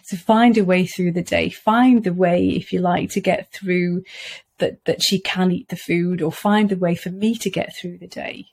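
A woman's voice: lowish voice, fairly even intonation, moderate pace, darkish tone, slightly rough. A middle-aged woman, an earnest podcast guest who talks reflectively and often laughs. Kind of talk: conversational interview.

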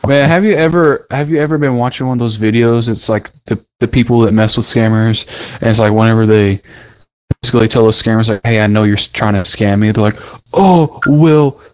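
A man's voice: lowish voice, steady tone, fast, smooth. Rambling young man, casual chatter. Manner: rambling, casual, crude joking. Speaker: podcast co-host. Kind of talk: casual podcast chat over voice chat.

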